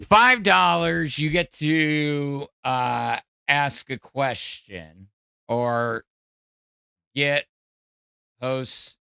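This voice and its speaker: A man's voice: on the high side, extremely slow, creaky, pauses often, pushed and bright, smooth, no echo. A man hosting a podcast, giving rambling, hesitant casual commentary with many fillers on a close mic. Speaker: podcast host.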